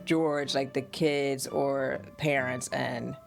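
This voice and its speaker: Lively storytelling woman host. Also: extremely low pitch, slow, creaky, soft background music. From United States. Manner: animated storytelling, laughs often. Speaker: podcast host and mother. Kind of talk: casual family conversation.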